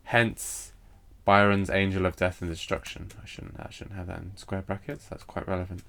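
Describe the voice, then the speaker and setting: A man's voice: low voice, a bit bright. A man teaching a recorded poetry lesson, hesitant and full of fillers as he explains meter. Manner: hesitant, lots of fillers and restarts; reads poetry lines aloud slowly with stress.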